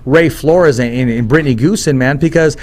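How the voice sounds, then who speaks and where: A man's voice: mid-range voice, a little fast. A man hosting a boxing podcast in casual chat, telling stories and acting out what others said. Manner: animated storyteller who acts out quotes. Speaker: podcast host.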